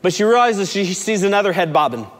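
A man preaching a sermon to a recovery group, telling a story with lively swings from shouting to soft, low speech. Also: fairly quick, long reverb tail. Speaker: pastor at a recovery ministry. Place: large room with a gathered group.

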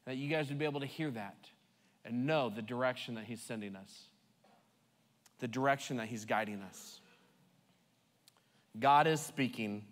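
A man's voice: medium pitch, moderate pace, pauses often. A man preaching a sermon in a conversational, emphatic way, playfully repeating words for effect. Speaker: pastor. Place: church sanctuary. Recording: long hall reverb.

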